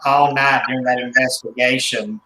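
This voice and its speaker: Man, interview guest, mid pitch, hesitant and self-correcting, roomy echo, faint background hum. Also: steady tone, normal speed. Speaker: guest, doll collector. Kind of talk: casual interview.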